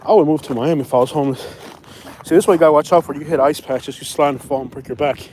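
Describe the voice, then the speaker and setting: Southern man on a phone vlog, rambling and repetitive, slightly higher voice, outdoors with faint traffic hum. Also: steady tone, quick pace, darkish tone. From Florida. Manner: rambling, repeats himself, slangy street talk. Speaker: vlogger. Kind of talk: casual walking vlog. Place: outdoors on a snowy windy street. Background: traffic and outdoor ambience.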